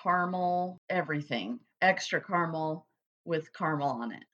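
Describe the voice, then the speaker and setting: A woman's voice: low-pitched, normal speed, a bit bright, dull audio. A woman co-hosting a podcast in casual chat, joking wryly and swearing casually. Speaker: podcast co-host.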